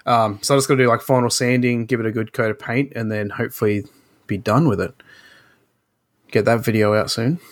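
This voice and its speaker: A man co-hosting a casual podcast, talking in a relaxed, rambling way with many fillers. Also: medium pitch, brisk. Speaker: podcast co-host.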